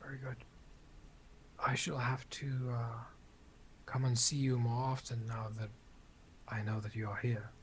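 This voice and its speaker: A man speaks in character at a tabletop game, formal and measured. His voice sits in a middle register with a flat, even delivery. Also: medium pitch, a little hiss or hum. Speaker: player. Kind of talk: in-character role-play.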